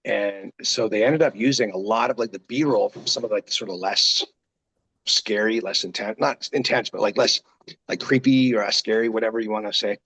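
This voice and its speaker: A man with a raspy, deep voice, a guest wrestler telling rambling stories in a casual interview. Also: moderate pace, poor audio. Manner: rambling, animated, full of quoted asides.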